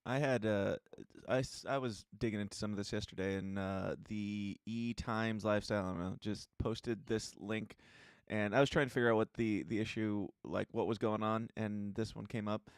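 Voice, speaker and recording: A man's voice: on the low side, fairly even intonation, moderate pace, clear, resonant tone, no echo. Blunt, exasperated male podcast co-host. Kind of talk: casual news-commentary chat.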